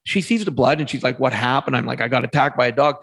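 A man in his fifties, a podcast guest, telling a personal story in a lively way and acting out the voices of the people in it. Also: mid-range voice, fast talker, slightly rough. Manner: animated storyteller, acts out quoted voices.

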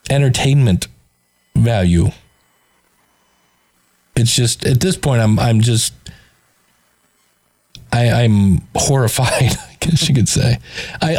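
A man's voice: mid-range voice, a little mellow. A man hosting, giving sardonic, exasperated commentary on clips he plays, often stammering as he restarts sentences. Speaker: host reviewing a podcast. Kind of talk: critical commentary over played clips.

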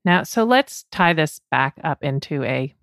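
A woman's voice: sits low, lively intonation, unhurried, creaky, a bit bright, no room sound, clean studio sound. A woman in her fifties, a business coach, talking earnestly and conversationally in a solo podcast monologue. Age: 50s.

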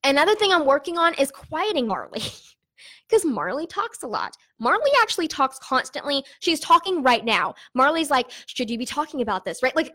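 Chatty high-voiced young woman vlogging. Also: a bit bright. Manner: candid and chatty, with many fillers. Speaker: online business owner. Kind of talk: casual vlog talk.

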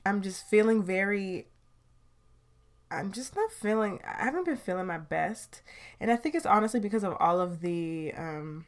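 A woman's voice: medium pitch, lively intonation, moderate pace. Woman podcast host talking from her house, casual and candid, lots of sighs and half-finished thoughts. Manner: candid and chatty, sighs and trails off. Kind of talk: casual chat. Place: recorded at home.

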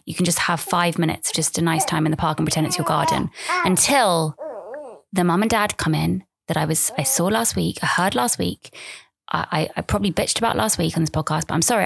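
A woman's voice: mid-range voice, creaky, dry recording. A woman in her thirties, hosting a solo podcast in a candid, rambling, self-deprecating way. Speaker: podcast host.

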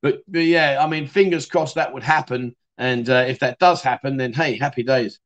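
A man's voice: medium pitch, moderate pace, a bit bright, lo-fi sound. A middle-aged man hosting a casual livestream chat show, talking matily and reading out viewer comments. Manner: chatty, matey, reads out viewer comments. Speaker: livestream host.

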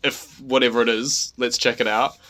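Bright-voiced man telling a rambling story. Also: mid-range voice, little pitch movement. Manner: halting, rambling storytelling with many restarts. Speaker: podcast co-host. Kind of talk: casual chat.

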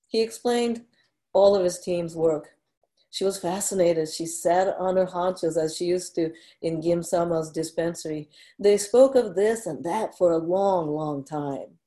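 A woman reading a story aloud in a measured, unhurried narration. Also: on the low side, dark tone.

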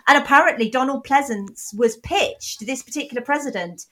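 A woman's voice: high-pitched, moderate pace, a bit bright. A woman co-hosting a film podcast, playful and teasing. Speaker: podcast co-host. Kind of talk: casual film podcast chat.

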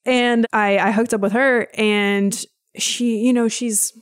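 A woman's voice: on the high side, slow pace, smooth. A woman, a personal trainer, telling a personal story as a podcast guest, acting out the voices of people she quotes. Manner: lively storyteller who acts out quoted dialogue. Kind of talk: casual storytelling interview.

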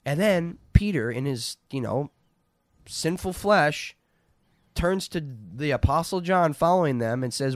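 A man's voice: on the high side, animated, a little slow, dry recording, clean studio sound. A man reading Scripture aloud and then explaining it in an earnest, conversational way. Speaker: Bible teacher. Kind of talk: casual Bible reading and discussion. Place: lives in North Dakota.

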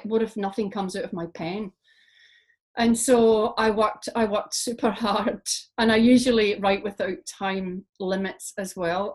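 Interview guest: woman poet from Scotland, reflective, rambling storyteller. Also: medium pitch. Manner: reflective, animated storytelling with frequent fillers. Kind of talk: interview conversation.

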